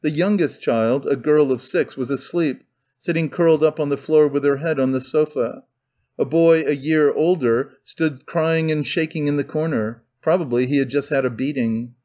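A man reading an audiobook in measured, deliberate narration. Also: fairly high pitch, darkish tone. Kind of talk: scripted narration. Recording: dull lo-fi recording.

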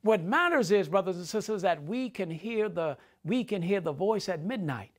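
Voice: mid-range voice, expressive, moderate pace. A preacher giving a sermon, repeating key phrases for emphasis and speaking directly to the congregation.

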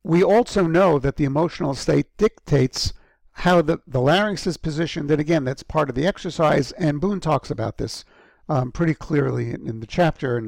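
A man giving a recorded university lecture, halting with frequent ums and restarts and clearing an irritated throat often. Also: a little high, darkish tone, dry recording. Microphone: close microphone.

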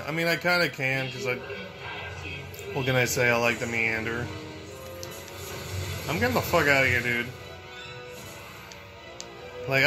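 A man hosting a let's play, giving excitable, profane gameplay commentary that turns to yelling when he panics. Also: medium pitch.

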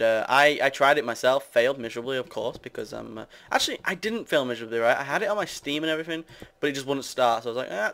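A man's voice: medium pitch, vocal fry, a bit bright. Rambling young British man gaming. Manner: rambling, self-mocking, chatty with viewers. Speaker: gamer. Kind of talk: casual Let's Play commentary.

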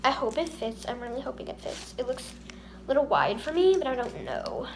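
A high-voiced young woman with a drawl chats to her phone camera in a loose, rambling vlog. She sounds tired and keeps hiccuping between thoughts. A faint hum of room noise sits under her voice. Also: expressive, fairly quick. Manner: chatty, scattered, says she is tired. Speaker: vlogger. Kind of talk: casual vlog chat to camera.

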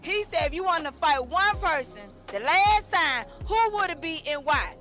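A woman's voice: very high-pitched, animated, moderate pace, pushed and bright, soft background music. A woman cohosting a street-interview segment, hyped and slangy as she sets up a question.

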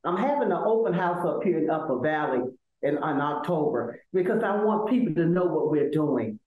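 Older Southern woman guest, emphatic and animated, echoey room. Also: low-pitched, moderate pace, narrow, tinny audio. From Selma, Alabama. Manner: emphatic, animated, repeats words as she builds. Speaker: law school administrator, guest. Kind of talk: conversational interview.

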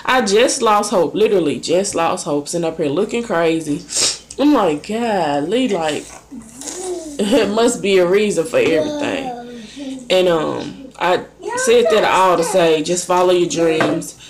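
Young woman telling an animated story. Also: lowish voice, a little slow. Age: young adult. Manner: animated, dramatizes her own thoughts with voice shifts. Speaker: vlogger. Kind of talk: casual storytelling to camera.

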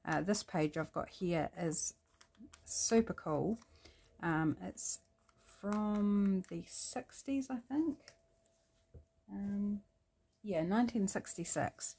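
A woman's voice: medium pitch, takes it slowly, gravelly, warm tone, husky. A middle-aged woman with a New Zealand accent talks through a collage craft project in a rambling, chatty way, thinking aloud with frequent ums. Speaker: craft vlogger. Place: home craft desk.

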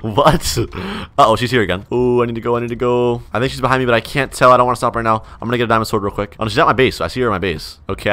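Young male gaming YouTuber, bright, forceful voice, excitable play-by-play commentary. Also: lowish voice. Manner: excitable, reacts loudly, reads chat aloud. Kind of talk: gameplay commentary.

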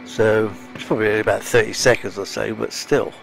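A man streaming a game talks a little fast in a fairly low, flat voice with vocal fry. He gives relaxed let's-play commentary, chatting, sighing and talking to himself while slightly out of breath, as faint game music plays.

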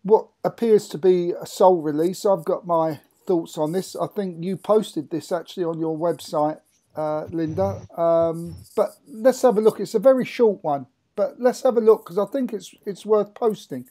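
A man hosting a casual chat, relaxed and giving short backchannels. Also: sits high, normal speed. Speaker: host.

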